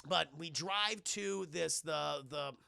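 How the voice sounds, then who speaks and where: A man rambling excitedly through a film recap for his live-stream chat, often addressing the chat directly. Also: a little high, slow, creaky, smooth, no echo. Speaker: streamer doing a film review.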